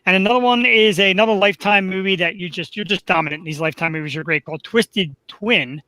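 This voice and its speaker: Upbeat high-voiced Philly host. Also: male voice, fast, sharp tone, no echo, poor audio. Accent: Philadelphia. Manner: upbeat, rambling, self-deprecating. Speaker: podcast host. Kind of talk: casual live webcast chat.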